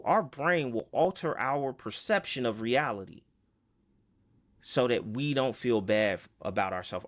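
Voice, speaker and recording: A man giving a casual self-help lesson, rambling with fillers and rhetorical questions. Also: mid-range voice.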